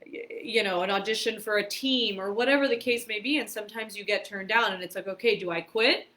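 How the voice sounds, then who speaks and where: A woman's voice: medium pitch, fast. Chatty, laughing woman telling stories. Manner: animated, laughing, many "like" fillers. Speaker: podcast guest, karate competitor and stunt performer. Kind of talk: casual storytelling interview.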